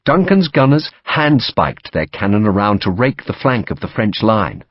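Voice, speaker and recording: A man reading a novel aloud as audiobook narration, steady and dramatic. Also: fairly low pitch, moderate pace, few pauses, no room sound, lo-fi sound.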